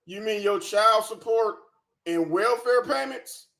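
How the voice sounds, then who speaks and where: High-voiced man mocking with scorn. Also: takes it slowly, vocal fry, fairly bright tone. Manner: profane, scornful and sarcastic. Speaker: commentary channel host. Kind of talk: mocking reaction commentary.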